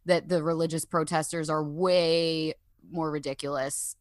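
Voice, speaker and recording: A woman telling stories in casual podcast chat, animated and swearing freely. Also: low voice, a little slow, no room sound, studio quality. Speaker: podcast guest.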